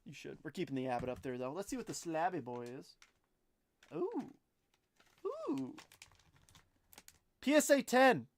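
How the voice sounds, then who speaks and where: A young man runs a live card break in a slightly high voice. He rattles off an easy stream of commentary and calls out to his viewers by name. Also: fast, hardly any pauses. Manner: chatty, excitable, talks to chat viewers by name.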